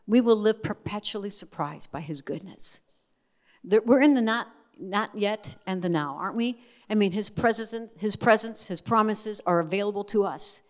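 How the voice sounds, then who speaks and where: A middle-aged woman giving a sermon, telling a family story with earnest, emotional emphasis that rises and falls. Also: medium pitch. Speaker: speaker at a church service. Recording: long hall reverb.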